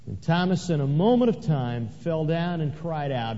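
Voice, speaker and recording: Dramatic preacher in an echoey hall. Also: male voice, a little high, lively intonation, moderate pace, few pauses, mellow. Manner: dramatic, swelling on quoted scripture. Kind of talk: sermon. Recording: echoey hall, dull lo-fi sound.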